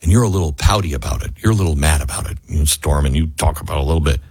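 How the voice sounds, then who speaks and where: A man's voice: very deep voice, breathy edge, no room sound. A male radio talk show host giving emphatic, argumentative political commentary. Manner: emphatic, argumentative, shifts quickly between loud and hushed.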